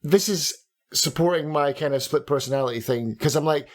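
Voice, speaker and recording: A man's voice: on the high side, fairly quick. Opinionated man on a game podcast. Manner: candid and opinionated, trailing off with likes and laughs. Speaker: podcast co-host. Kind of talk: casual game discussion podcast.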